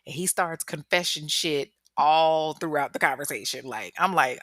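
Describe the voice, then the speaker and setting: Low-voiced, profane woman storyteller. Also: moderate pace, hardly any pauses, no room sound, studio quality. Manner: profane, slangy, animated. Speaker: true crime podcast host. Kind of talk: casual true crime storytelling.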